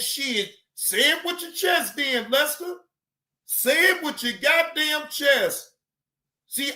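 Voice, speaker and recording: A man with a very high, bright voice speaks slowly and loosely as he reacts to clips on his stream. His talk is rambling, slangy and full of profanity, with many false starts. The sound bounces around an echoey room. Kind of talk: casual reaction commentary.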